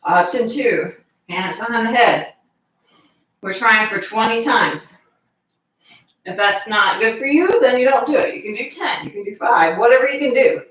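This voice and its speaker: A woman fitness instructor leading a live exercise class, calmly giving cues and counting reps aloud. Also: on the high side, moderate pace. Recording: echoey room, voice from far off.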